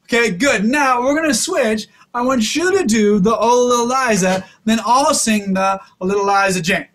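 A man's voice: extremely high pitch, moderate pace, fairly bright tone. A man teaching a kids' music lesson, upbeat and instructive, talking directly to the children.

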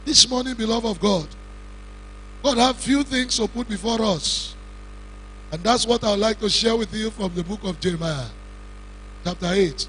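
In a large cathedral, a man with a Nigerian Yoruba-speaking accent preaches a funeral sermon, slow and emphatic, shouting some lines and putting questions to the congregation. His voice sits high, and the poor audio has a little hiss or hum.

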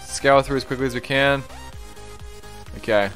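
A young man streaming a game, chatting casually, reading viewer comments aloud and breaking into excited exclamations. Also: medium pitch, moderate pace, faint music behind. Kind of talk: live-stream gameplay commentary.

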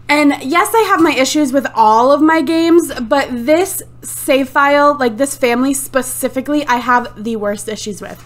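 A woman's voice: high-pitched, a bit bright. A woman giving casual, swear-heavy commentary over her life-simulation gameplay. She sounds exasperated and laughs often, recorded at home on a desktop USB microphone. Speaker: let's play gamer.

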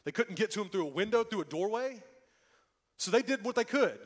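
A man preaching a sermon in a church, swinging from loud emphatic lines to hushed, quiet ones. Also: sits high, brisk. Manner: lively preaching with dramatic drops to a hush. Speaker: pastor. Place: church sanctuary.

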